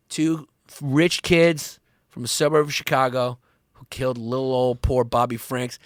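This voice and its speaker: A man hosting a comedy history podcast, rambling and profane, swinging up and down in pitch as he talks. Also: flat delivery, moderate pace, no room sound, clean studio sound. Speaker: podcast host.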